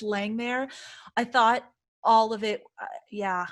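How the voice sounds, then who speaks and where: A woman co-hosts a podcast, reviewing a film in a casual, lively way at medium pitch and normal speed. She retells it chattily and acts out her reactions as she goes.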